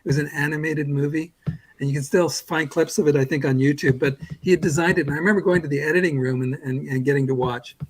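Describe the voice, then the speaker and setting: A man in his sixties from Canada spins a long, meandering story about his early career. His voice is somewhat husky and sits a little above the usual pitch for a man. He talks casually, doubles back on himself often, and pokes fun at himself. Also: steady tone, quick pace, low-quality recording. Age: 60s. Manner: rambling, self-deprecating, with frequent restarts. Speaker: guest comics artist.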